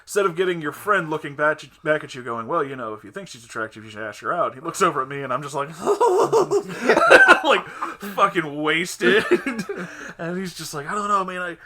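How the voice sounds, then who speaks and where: A man hosting a casual podcast chat, telling an animated story, acting out the other people's lines and often breaking into laughter. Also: fairly high pitch, racing, few pauses. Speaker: podcast host.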